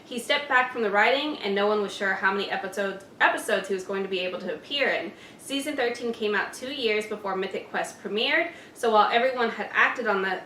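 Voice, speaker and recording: A woman's voice: medium pitch, fairly quick, few pauses, sharp tone. A woman hosting a reaction channel, reading viewer comments aloud in a chatty way. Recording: echoey room, distant mic, faint noise.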